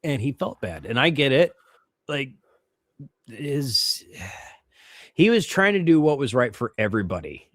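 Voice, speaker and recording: A man's voice: mid-range voice, big pitch swings, a little slow, long pauses, a bit bright, no echo, studio quality. A tired man co-hosting a podcast, reflecting on things and tripping over his words. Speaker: podcast co-host. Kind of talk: casual chat.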